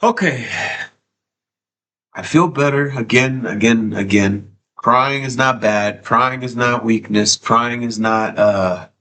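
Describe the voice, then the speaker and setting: A man's voice: mid-range voice, slow pace, fairly bright tone. A man live streaming from home, tearful and sniffly, talking emotionally and repeating himself, with frequent swearing. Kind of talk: casual live stream chat.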